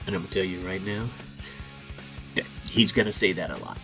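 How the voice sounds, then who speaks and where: A man's voice: low voice, fairly quick, fairly bright tone, soft background music. A man casually retelling a story in a rambling, profane way as host. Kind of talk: casual comedic story recap.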